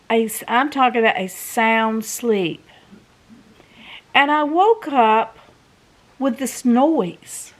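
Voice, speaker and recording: A woman vlogger, telling a folksy home story to the camera in a chatty way. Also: high-pitched. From American South. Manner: chatty, folksy, animated when retelling. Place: home in a doublewide.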